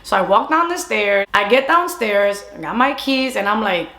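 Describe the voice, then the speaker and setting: A young adult woman telling a casual storytime monologue, animated and chatty, slipping between English and Spanish. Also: mid-range voice, normal speed. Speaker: storyteller vlogger. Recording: echoey room.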